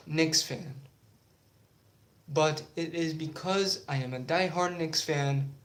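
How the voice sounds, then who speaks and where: A young man rants about his team in an unhurried, halting way, full of ums and restarts. His voice sits fairly high. The room around him rings with echo. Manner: halting, many fillers, then heated and defiant. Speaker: YouTube sports channel host. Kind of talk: casual sports talk vlog. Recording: echoey room.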